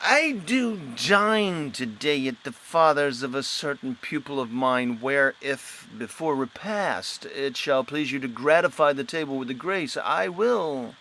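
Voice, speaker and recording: An actor playing a pedantic, wordy schoolmaster in a live-streamed Shakespeare reading, with pompous Latin-sprinkled flourishes. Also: male voice, mid-range voice, expressive, measured pace, few pauses, pushed and bright. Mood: grandly polite.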